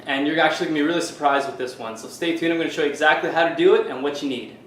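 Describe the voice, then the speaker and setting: A man's voice: fairly high pitch, very fast, fairly bright tone, echoey room, a little hiss or hum, rough recording. A man from Canada, a fitness coach, talking casually to camera while showing a recipe in his home kitchen, with lots of fillers. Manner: chatty, loose, with many fillers like "you know". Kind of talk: casual cooking demo to camera.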